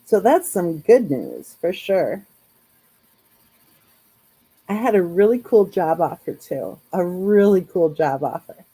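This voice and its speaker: A woman's voice: fairly low pitch, sing-song, slow pace, pauses often, mellow, husky, rough recording. A woman hosting a casual live chat, talking in a chatty, rambling way with lots of fillers. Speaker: true crime channel host.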